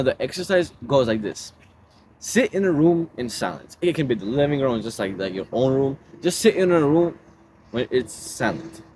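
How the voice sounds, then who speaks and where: A man's voice: mid-range voice, a little hiss or hum. A man giving casual self-help advice in a laid-back way, calling the listener bro.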